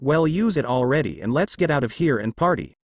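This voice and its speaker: A man doing a brash, loud raccoon spirit. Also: medium pitch, lively intonation, fairly quick, slightly rough.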